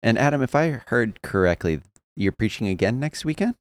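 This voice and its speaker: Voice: medium pitch, lively intonation, a little fast, dry recording. A podcast co-host asking questions in a curious, playful way. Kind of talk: casual chat.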